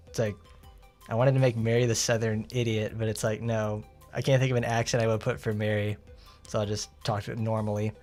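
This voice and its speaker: A man casually streaming a game, reading its story aloud and chatting between lines in a relaxed, self-interrupting way. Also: lowish voice, fairly quick, soft background music.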